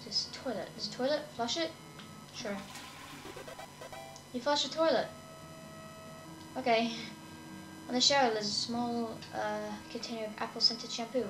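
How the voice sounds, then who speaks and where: A woman's voice: on the high side, steady tone, unhurried, pauses often. A woman casually talking through a video game, hesitant and trailing off as she reads along. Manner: hesitant and mumbling, trailing off with "I guess". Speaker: gamer. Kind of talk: casual let's-play commentary. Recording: echoey room with game music.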